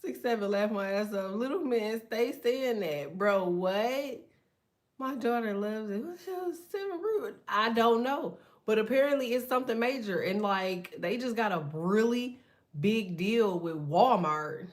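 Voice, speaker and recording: A middle-aged woman chatting casually to viewers as a card reader, telling slangy, animated stories with lots of laughter. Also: mid-range voice, measured pace.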